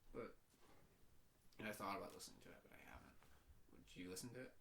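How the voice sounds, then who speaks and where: Deep-voiced and very animated, a young podcast co-host talks at a quick pace with vocal fry and a somewhat bright tone. His casual chat often trails off mid-sentence, and faint background noise can be heard.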